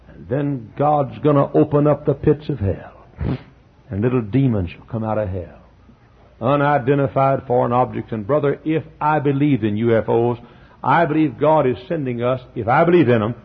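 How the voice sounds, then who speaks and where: A man preaching a fiery revival sermon, swinging from hushed passages to shouting and often clearing his throat. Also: medium pitch, dull audio.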